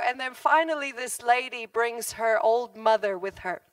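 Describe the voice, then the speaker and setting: Animated laughing woman preacher, distant mic. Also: sits high, moderate pace, few pauses, dry recording. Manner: animated, laughs often, acts out quoted voices. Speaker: guest preacher. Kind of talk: storytelling sermon. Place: church.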